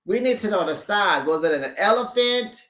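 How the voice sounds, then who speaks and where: A recap YouTuber chatting casually about a reality show, laughing often and talking with lively slang into a microphone held back from the mouth. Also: mid-range voice, normal speed, roomy sound. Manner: laughs often, gossipy and animated, uses slang. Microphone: USB microphone held back from the mouth.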